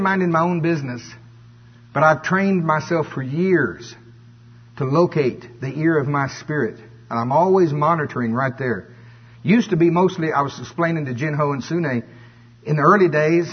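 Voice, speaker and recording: A man preaching a conversational sermon, telling stories in a folksy, animated way. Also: a little high, husky. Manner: folksy, animated storytelling with voiced asides. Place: church. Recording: dull lo-fi church recording.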